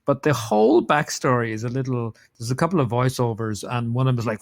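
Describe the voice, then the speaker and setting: A man's voice: medium pitch, quick pace, hardly any pauses. Irish guy on a podcast, rambling amused movie chat, lots of ums and uhs, medium voice. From Ireland. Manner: rambling, amused storytelling with frequent fillers. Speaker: podcast co-host. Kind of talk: casual chat about a film.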